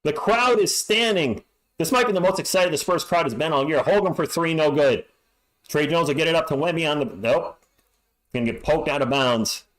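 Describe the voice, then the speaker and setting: Excitable man calling a game live. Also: a little high, brisk. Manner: excitable, yells on big plays. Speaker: live stream play-by-play host. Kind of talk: fan play-by-play commentary. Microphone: home streaming mic that clips.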